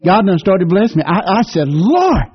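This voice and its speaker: A man's voice: fairly quick, slightly rough. A middle-aged man, preaching a sermon in a folksy, fervent way, his voice leaping upward when stirred. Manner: folksy, fervent preaching with sudden rises in pitch. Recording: dull lo-fi radio broadcast.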